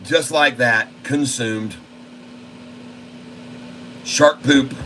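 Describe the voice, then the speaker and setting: A man hosting a trading channel, commentating live on his trades in a folksy, excitable way and constantly talking to his viewers. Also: medium pitch, extremely slow, slight background noise, low-quality recording. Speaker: stock trading channel host.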